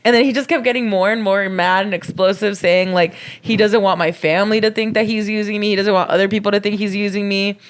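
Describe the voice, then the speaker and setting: A woman's voice: medium pitch, fairly even intonation, fast talker, few pauses. Young woman telling stories, blunt and sweary. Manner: candid, swears freely, acts out quotes. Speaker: podcast co-host. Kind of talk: casual storytelling chat.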